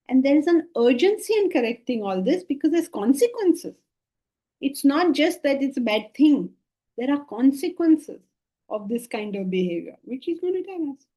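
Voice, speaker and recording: A woman's voice: sits high, mellow. A woman with an Indian English accent giving a scripture lecture, emphatic and repeating key phrases, slipping into Sanskrit and Hindi. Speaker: Vedanta teacher.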